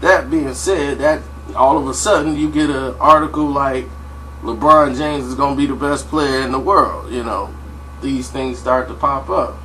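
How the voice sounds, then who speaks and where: A man's voice: mid-range voice, moderate pace, sharp tone, a little hiss or hum, low-quality recording. A man casually telling a story in a slangy style, full of "you know" and "like". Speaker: vlogger.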